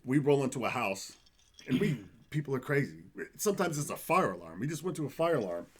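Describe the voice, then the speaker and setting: A husky-voiced man in casual podcast talk. He swears freely and tells animated stories about his work as a firefighter, jumping into voices for the people he quotes. His pitch sits in an ordinary middle range. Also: a little fast. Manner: profane, animated storytelling with acted quotes.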